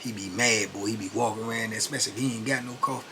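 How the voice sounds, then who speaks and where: A man's voice: lowish voice, fairly even intonation, racing, hardly any pauses, sharp tone, a little hiss or hum. A man in his fifties telling a story in a laid-back, conversational way, full of "you know what I'm saying". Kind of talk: casual storytelling.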